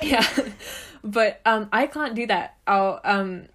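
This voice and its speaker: A teenage girl with a British accent chats on a casual podcast in a mid-range voice. She pauses often with ums and laughs between her thoughts. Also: medium pitch, fairly bright tone. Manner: hesitant, laughing, many ums. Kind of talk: casual chat.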